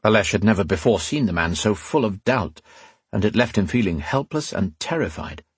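A man narrating a fantasy story in a steady, scripted reading. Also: lowish voice, normal speed, breathy edge, no echo. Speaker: audiobook narrator.

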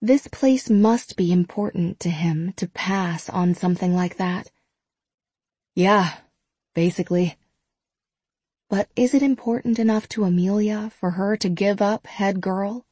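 A woman narrating an audiobook in an even, measured way, with a mid-range voice. The sound is close and dry with no room around it. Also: mid-range voice, breathy edge, dry recording.

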